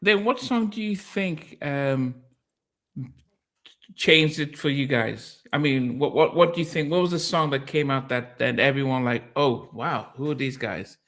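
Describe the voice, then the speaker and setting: A man's voice: on the high side, measured pace, a bit bright. A man hosting an interview, asking long, meandering questions full of ums and restarts. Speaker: interview host. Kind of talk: casual interview.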